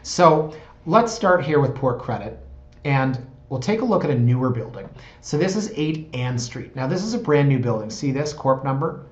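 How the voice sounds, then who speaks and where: A man's voice: medium pitch, big pitch swings, normal speed, roomy sound, muffled recording. A man in his thirties, a real estate agent, talking casually and digressively in a vlog from his office. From Canada. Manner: chatty, digressive, self-deprecating.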